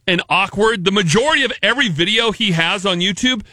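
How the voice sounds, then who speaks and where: Man, morning radio co-host, joking banter, high pitch, dry close studio sound. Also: fast talker, sharp tone, no echo. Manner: jokey, laughs often at his own stories. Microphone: studio microphone.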